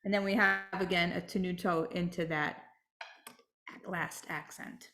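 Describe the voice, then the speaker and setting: A woman's voice: lowish voice, steady tone, measured pace, reverberant, music in the background. A woman teaching a flute masterclass, explaining step by step and checking in with "right?".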